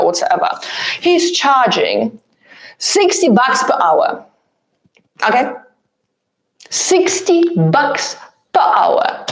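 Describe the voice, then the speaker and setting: A woman in her thirties, not a native English speaker, hosting a live Q&A and answering viewers bluntly and eagerly, with lots of fillers. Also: high-pitched. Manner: blunt, animated and pushy, with many fillers. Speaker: host answering viewer comments. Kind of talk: live-stream Q&A chat.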